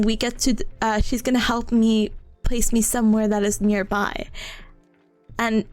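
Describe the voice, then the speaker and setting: A woman in her twenties, a study streamer, chatting casually and telling a story in an animated way, often breaking into laughter and poking fun at herself. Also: a little high.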